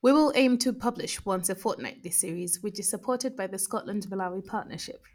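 A woman's voice: mid-range voice, brisk. A woman hosting a podcast, speaking in a reflective, thoughtful way. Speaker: podcast host. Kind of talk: casual conversation and podcast outro. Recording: roomy echo.

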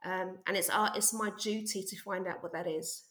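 A woman teacher telling stories in an interview, lively and quick to act out what she said back then. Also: lowish voice, echoey room. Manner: lively, acts out her own past remarks with bursts of excitement. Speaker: art teacher and interview guest. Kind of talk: animated storytelling in an interview.

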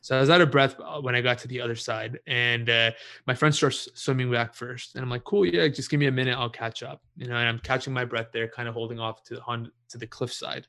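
A young man casually telling a story in a relaxed way, swearing freely and laughing at himself. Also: medium pitch, fairly quick, gravelly.

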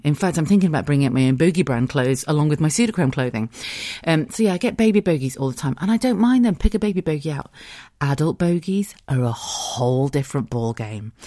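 A woman's voice: sits low, warm tone, no room sound, clean studio sound. A woman hosting a podcast in casual solo chat, candid and laughing often, swearing freely. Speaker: podcast host.

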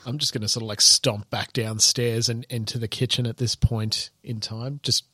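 A man playing in a tabletop game, relaxed and hedging as he talks. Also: medium pitch, normal speed, slightly rough, no room sound. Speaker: player. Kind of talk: casual chat.

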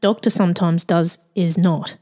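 A woman's voice: lowish voice, fairly even intonation, moderate pace, warm tone. A woman co-hosting a casual podcast who speaks agreeably and reflectively, backing up her co-host. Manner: agreeable, reflective, many fillers and restarts.

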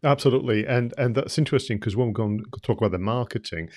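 A man co-hosting a podcast, talking through a film in a measured way with many hesitations. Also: mid-range voice, darkish tone, dry recording, clean studio sound. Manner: measured, with many ums and uhs. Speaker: podcast co-host. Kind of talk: casual film review chat.

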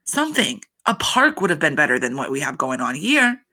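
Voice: mid-range voice, sing-song, a little fast, pushed and bright. A reality TV recap host talking in a casual, chatty, profane way, full of fillers.

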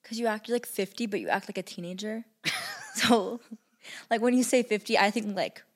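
A seventeen-year-old girl co-hosting a casual podcast, teasing in a dry, deadpan way. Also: mid-range voice, normal speed. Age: teens. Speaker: podcast co-host. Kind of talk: casual chat.

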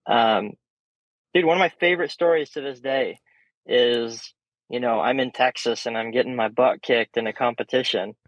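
A young man guesting on a podcast, telling stories in a casual, animated way and swearing freely. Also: mid-range voice, moderate pace, dry recording. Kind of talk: casual storytelling chat. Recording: dull, slightly muffled sound.

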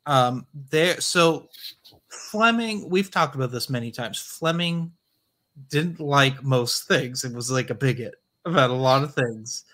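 A man's voice: medium pitch, animated, unhurried, bright, forceful tone. Male co-host, casual film chat, blunt dismissive quips, mid-range voice. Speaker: podcast co-host.

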